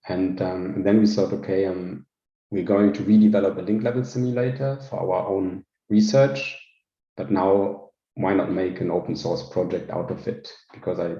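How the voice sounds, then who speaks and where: A man giving an informal technical talk over a video call, relaxed and hesitant, with many fillers and restarts. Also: low voice. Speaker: invited speaker, research scientist. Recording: roomy, dull lo-fi call audio.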